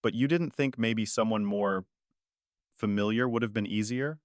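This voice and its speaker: A man's voice: fairly low pitch, moderate pace, no room sound, clean studio sound, lightly acted. A man voicing a cold, curt older father. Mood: condescending. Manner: curt and condescending.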